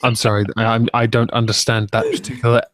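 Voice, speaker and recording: A man chatting casually on a call, wry and quick to swear and laugh. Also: mid-range voice, fairly even intonation, crowd noise. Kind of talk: casual chat.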